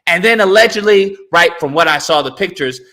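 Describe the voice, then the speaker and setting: Man guest, high lively voice, animated storyteller, acts out quotes. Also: brisk. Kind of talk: casual podcast chat.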